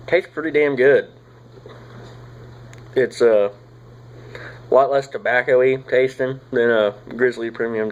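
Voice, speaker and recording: A young man, rambling casually through a product review, swearing often and filling pauses with "uh" and "like.". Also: medium pitch, lo-fi sound. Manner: rambling, profane, drawling with frequent fillers. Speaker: tobacco reviewer.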